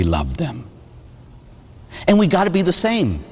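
A man's voice: a little high, wildly swooping pitch, a little slow, slightly rough. A Catholic priest in his forties from Pittsburgh gives a conversational sermon full of stories, often tossing a "huh?" to the congregation. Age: 40s. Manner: conversational storytelling, frequent "huh?" asides. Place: church. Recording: long reverb of a church.

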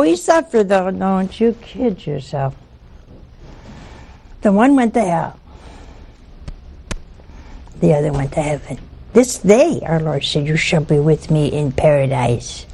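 A woman delivering a televised sermon in a folksy, teasing manner. She speaks very slowly, and her voice is gravelly with creak. She keeps asking her viewers rhetorical questions. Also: medium pitch, sing-song, warm tone. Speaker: preacher.

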